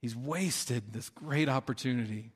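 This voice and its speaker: Conversational pastor in a reverberant hall. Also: male voice, medium pitch, unhurried, breathy edge. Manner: conversational, with fillers and acted-out quotes. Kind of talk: sermon.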